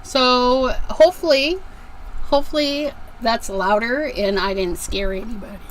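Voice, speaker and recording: A woman's voice: fairly high pitch, unhurried, a little hiss or hum, poor audio. A woman hosting a casual craft livestream from her craft room, chatting and greeting viewers by name as she works. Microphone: desk microphone with a level meter.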